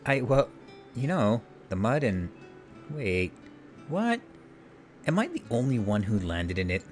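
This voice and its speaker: A man's voice: mid-range voice, very animated, measured pace, soft background music, pitched above the performer's own voice. A man voicing an easily flustered young woman who whines defensively as he reads game dialogue. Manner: whiny, defensive.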